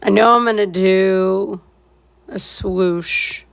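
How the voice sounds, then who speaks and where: A woman talking through a live painting tutorial in a laid-back way and thinking aloud as she goes. Her voice has a gravelly fry, and she speaks slowly and unhurriedly. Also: medium pitch, fairly even intonation. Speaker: painting instructor.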